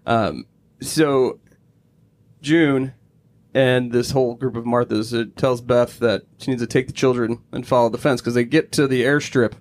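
A man talking casually on a podcast, walking through a TV episode scene by scene. He tells it as a story, swears freely and laughs often. His voice sits at a middle pitch. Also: a little slow, a little hiss or hum. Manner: animated storyteller, acts out characters' lines in put-on voices. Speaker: podcast co-host. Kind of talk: casual chat recapping a TV episode.

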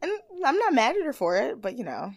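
A woman co-hosting a casual podcast chat, animated and playful, with a voice that cracks at times. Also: a little high, fairly quick, husky, dry recording, studio quality. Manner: chatty, animated, playful impressions of people. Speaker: podcast co-host. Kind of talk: casual chat recapping a reality show.

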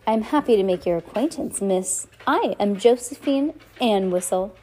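A woman's voice: mid-range voice, lively intonation, moderate pace, warm tone, lightly acted. A woman reading aloud as a fussy, anxious guardian aunt who is prim about grammar.

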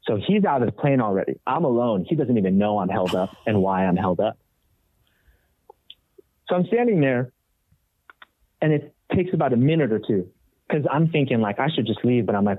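A man, a rock guitarist and podcast guest, telling a story in a casual, animated way and acting out the other people's voices. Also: fairly low pitch, moderate pace, long pauses, no room sound. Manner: animated, acts out quoted voices. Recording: tinny phone-like dry audio.

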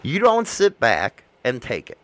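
A man's voice: medium pitch, wildly swooping pitch, a little slow, fairly bright tone. A man in casual chat, ranting bluntly and swearing constantly. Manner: blunt, heavily profane ranting.

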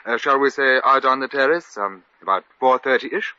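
An actor playing a bored, suave lord with a dry, languid upper-class drawl, in 1940s radio comedy. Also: male voice, medium pitch, moderate pace, sharp tone, no room sound. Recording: dull lo-fi old radio recording.

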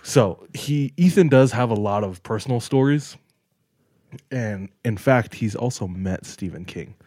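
A man's voice: medium pitch, lively intonation, a little slow, mellow, dry recording, studio quality. A young man on a podcast, telling stories in casual chat, with lots of "like" and "dog.". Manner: laid-back storyteller, says "like" and "dog" a lot. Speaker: podcast co-host.

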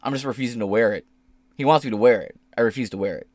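A man's voice: mid-range voice, quick pace, no room sound. Profane, ranting man on a podcast. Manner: profane, animated rants. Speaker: podcast host. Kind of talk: casual commentary.

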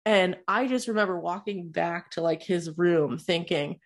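A woman's voice: on the low side, measured pace. Candid, profane woman telling a story. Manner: candid, profane, rambling with many fillers. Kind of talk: personal storytelling.

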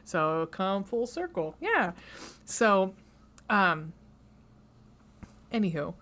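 A woman's voice: medium pitch, big pitch swings, extremely slow, fairly bright tone. Chatty woman podcaster retelling a movie. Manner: rambling and chatty, with many fillers. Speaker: podcast host. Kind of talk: casual chat, retelling a movie plot. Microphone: studio podcast mic.

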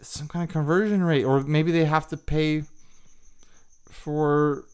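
A tipsy man co-hosting a casual podcast chat, excitable and quick to exclaim. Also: a little high, clean tone. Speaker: podcast co-host.

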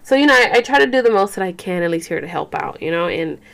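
A woman with a fairly low, gravelly, slightly bright voice hosts a podcast, speaking fast with lively intonation. Tired and yawning, she chats casually and rambles, saying "like" and "you guys" a lot and swearing now and then.

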